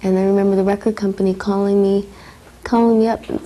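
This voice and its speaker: A woman calmly recalling a past moment in an interview. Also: medium pitch, fast talker, poor audio. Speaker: interview guest. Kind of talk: archival interview recollection.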